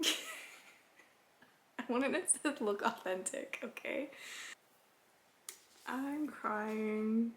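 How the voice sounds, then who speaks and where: A woman's voice: sits high, very animated, drawn-out words, pauses often, slight background noise. A young woman chatting casually in a vlog, giddy and self-conscious, laughing often and trailing off. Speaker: writing vlogger.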